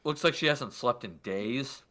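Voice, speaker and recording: Bright-toned male game master, loose and full of fillers. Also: medium pitch, lively intonation, unhurried. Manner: loose narration with many fillers. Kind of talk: narrating a tabletop game.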